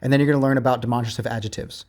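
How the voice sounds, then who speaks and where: A man teaching grammar to his class, reading workbook examples aloud and then walking through them in a patient, repetitive way. His pitch sits at an ordinary middle height for a man, and he keeps checking in with "okay?" and "all right?". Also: steady tone, very fast, a little mellow.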